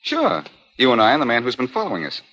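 A man's voice: mid-range voice, huge pitch swings, fast talker, bright, forceful tone, soft background music. An actor playing a cool, cocky male hero who trades wry, breezy wisecracks, in the manner of 1940s radio acting, heard on a muffled old radio recording.

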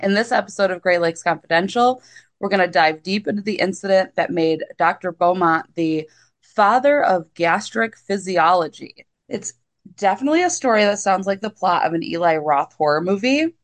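A woman's voice: on the low side, lively intonation, normal speed. A woman co-hosting a podcast in casual chat, wry and easily exasperated. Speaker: podcast co-host.

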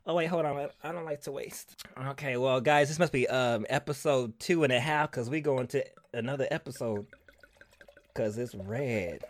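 A podcast host with a fairly high, animated voice, pushed and bright, leads a casual chat show. He's sassy and theatrical, calling listeners honey and stretching out words, repeating them for emphasis.

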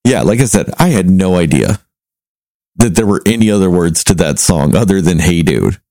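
Blunt, cursing man with a low voice. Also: animated, moderate pace, warm tone, dry recording. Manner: blunt, profane, teasing. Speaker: podcast host. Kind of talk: casual chat.

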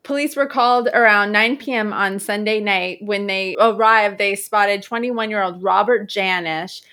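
A woman's voice: medium pitch, moderate pace, pushed and bright. Young woman wryly recounting news. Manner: wry, joking asides while recounting. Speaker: podcast co-host. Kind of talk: casual chat, reading a news story.

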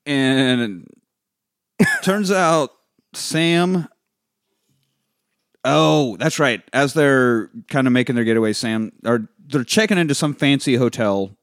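A man's voice: mid-range voice, no room sound, studio quality. A man co-hosting a podcast, recapping a film in casual chat, swearing freely and acting out the scenes. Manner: profane, acts out scenes in quick voices. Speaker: podcast co-host.

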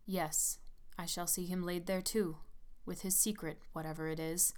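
A woman voicing a sad, brooding young man who speaks low and thoughtfully in a gothic story. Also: level tone, moderate pace, darkish tone, natural voice. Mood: somber.

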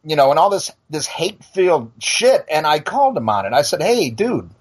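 Husky, fired-up middle-aged man. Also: on the high side, big pitch swings, brisk. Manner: profane, blunt, stammers into restarts. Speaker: podcast and radio show host. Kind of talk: heated casual rant.

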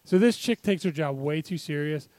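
A man co-hosting a casual sports chat, animated and profane, who acts out people loudly. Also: a little high, normal speed, dry recording. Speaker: podcast co-host.

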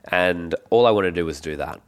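An Australian man in his thirties, a guest telling relaxed stories in casual conversation. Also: sits low, fairly quick, smooth. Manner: relaxed, animated when quoting others. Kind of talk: casual storytelling.

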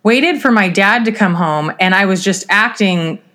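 A woman co-hosting a podcast, telling a story from her own life. She speaks earnestly and with animation in a relaxed, casual conversation. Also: medium pitch, normal speed. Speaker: podcast co-host.

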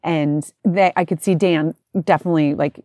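A woman in her forties telling a personal story in casual, animated talk, acting out other people's voices. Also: low voice, moderate pace, dry recording, lo-fi sound.

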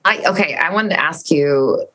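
A woman's voice: deep voice, moderate pace, fairly bright tone. A woman host in casual chat, rambling animatedly about shows that make her cry, cursing freely.

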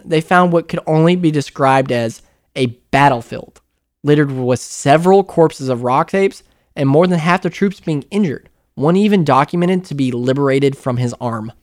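An American man hosting a casual paranormal podcast, telling stories in an animated way with frequent laughs. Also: on the high side. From United States. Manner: animated storyteller, laughs often, acts out quotes. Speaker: podcast host.

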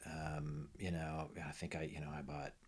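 Low-voiced rambling man. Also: level tone, moderate pace, husky. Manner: rambling, many fillers and restarts. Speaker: podcast guest. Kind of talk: casual conversation about music.

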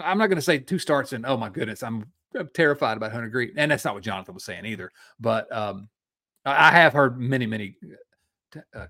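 Man, 40s, Midwestern accent, lively pitch, podcast co-host, laughs easily. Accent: Midwestern American. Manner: animated, chatty, quick to laugh. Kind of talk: casual sports talk.

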